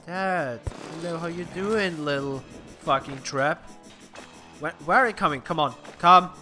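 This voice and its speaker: Young guy talking over his game, high bright voice, swears a lot, keeps restarting sentences, quiet music under it. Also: normal speed. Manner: rambling, swears freely, many restarts and fillers. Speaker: gameplay commentator. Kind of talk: casual game commentary.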